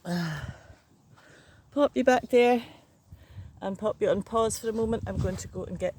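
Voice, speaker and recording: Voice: mid-range voice, normal speed, a little mellow, husky, no echo. An older vlogger chatting casually in a matter-of-fact way while working outdoors in a garden. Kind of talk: casual chat.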